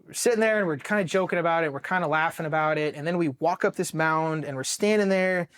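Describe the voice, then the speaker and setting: A Marine veteran from Ohio recounting combat in a raw, profane interview, halting and restarting often, going quiet at the painful parts. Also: male voice, on the high side, smooth. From Ohio, USA. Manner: emotionally charged, dropping quiet at painful moments. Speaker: Marine veteran telling his war story. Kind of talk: personal interview storytelling.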